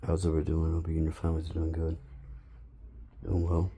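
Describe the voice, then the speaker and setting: A man's voice: extremely low pitch, monotone, brisk, mellow, a little hiss or hum. A man in his fifties giving a rambling spiritual monologue to his viewers, often dropping into an intense whisper. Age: 50s. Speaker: vlogger.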